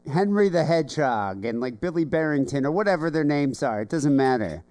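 A man co-hosting a podcast in casual chat, agreeable and quick to laugh. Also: on the high side. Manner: lively, agreeable, laughs often. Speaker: podcast host.

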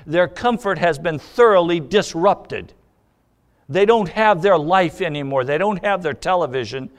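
Male pastor, sermon delivery, voice a bit on the high side, acts out dialogue as he preaches. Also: expressive, a little slow. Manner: preaching with questions, acting out quoted dialogue.

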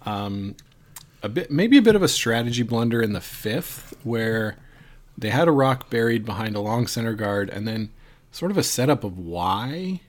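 A man's voice: medium pitch, expressive, normal speed. A man co-hosting a curling show, breaking down a game in a rambling, thinking-aloud way. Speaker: co-host and curling analyst. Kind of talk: casual sports analysis.

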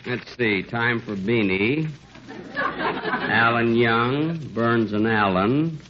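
An actor playing a vain, easily flustered star in an old radio comedy, with exasperated comic timing. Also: male voice, mid-range voice, animated, very slow, a crowd in the background, background noise. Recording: muffled old radio broadcast with live studio audience.

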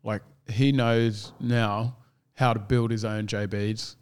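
A man's voice: lowish voice, flat delivery, slow, clean tone. A man chatting casually as a gym owner, telling stories animatedly, swearing freely and acting out what people said. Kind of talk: casual chat.

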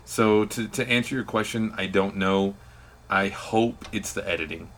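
A man's voice: lowish voice, moderate pace, fairly bright tone, a little hiss or hum. A man hosting a podcast, talking earnestly and hedging his opinions, then plugging an upcoming series. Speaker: podcast host. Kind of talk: casual podcast talk.

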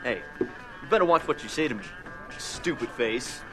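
An actor playing a dim, touchy man in a bar who fires back slow, clumsy insults. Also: medium pitch, animated, over music, lightly acted. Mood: defensive.

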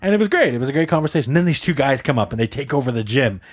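A young man on a casual podcast, telling a story in an animated way and laughing often. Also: very fast, breathy edge. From Canada. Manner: animated storyteller, jumps high for quoted voices, laughs often. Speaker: podcast co-host.

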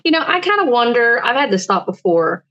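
A woman's voice: a little high, big pitch swings, a little fast. A woman guest in a casual discussion, musing aloud and posing rhetorical questions, with a dull lo-fi sound.

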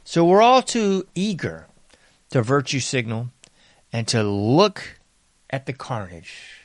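A man hosting a commentary show, talking in a sarcastic monologue that mocks bystanders and swings from loud to hushed. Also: mid-range voice, sing-song, slow pace, dry recording. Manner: sarcastic, mocking mimicry of bystanders; varies loudness a lot, sometimes dropping to whispers. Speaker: political commentary host.

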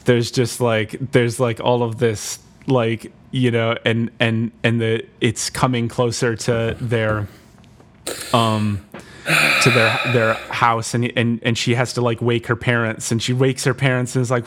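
A man co-hosting a comedy podcast, retelling a made-up plot in a rambling, deadpan way with constant restarts. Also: medium pitch, unhurried. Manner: rambling, full of fillers and restarts, deadpan storytelling. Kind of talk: comedic improvised story retelling.

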